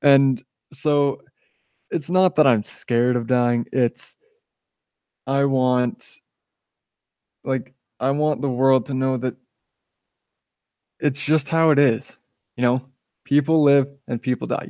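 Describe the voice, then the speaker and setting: A young man talks into a desk microphone on his live stream, stoned and rambling. His voice sits in an ordinary middle pitch, and the sound is dry with no room around it. He airs blunt opinions and keeps restarting his sentences, padding them with "you know.". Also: mellow, dry recording. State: high on cannabis. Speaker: channel host live-streaming.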